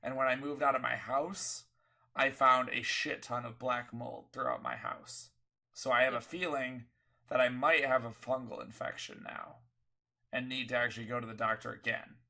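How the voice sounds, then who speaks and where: A man's voice: medium pitch, steady tone, moderate pace, vocal fry, bright, forceful tone. A sick man co-hosting a casual chat. He rambles, corrects himself, and makes wry remarks. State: sick, coughing. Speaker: podcast co-host.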